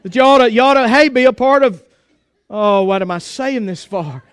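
A man preaching in a folksy, emphatic way, with jokes mixed in. His voice sits very high for a man and sounds smooth and resonant. The recording is close and dry, with no room sound. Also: moderate pace, dry recording. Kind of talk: sermon.

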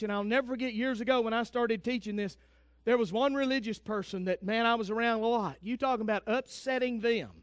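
A man preaching a sermon as pastor, fervent and swinging from loud declarations to hushed, intense asides. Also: very high voice, dry recording, studio quality.

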